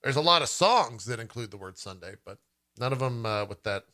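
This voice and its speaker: Man, show host, very bright tone, casual chat, joking. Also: mid-range voice. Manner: relaxed, joking, talks in quick bursts. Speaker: podcast host.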